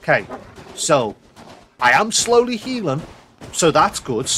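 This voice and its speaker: A man's voice: fairly high pitch, big pitch swings, takes it slowly, sharp tone, a little hiss or hum. Sweary exasperated man gaming. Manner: exasperated, sweary, talks to the game. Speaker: gaming YouTuber. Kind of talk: swearing gameplay commentary.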